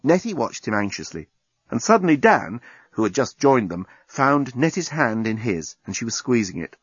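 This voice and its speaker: A man narrating a storybook with a lively, expressive reading. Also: mid-range voice, moderate pace, breathy edge, no room sound. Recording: dull lo-fi recording.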